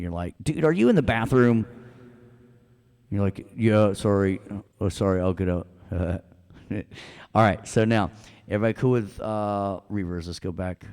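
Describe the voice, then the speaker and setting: A man teaches audio production, joking as he walks students through a software demo. His voice sits low. The recording is dry and close. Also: creaky, no echo. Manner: playful, joking, repeats "check it out". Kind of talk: live software demo lecture.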